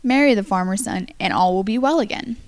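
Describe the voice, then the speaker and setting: A woman's voice: mid-range voice, brisk, dry recording, lightly acted. A loving mother speaking in a dream in a storybook folktale, read by a woman. She sounds comforting and kind, in a plain reading voice.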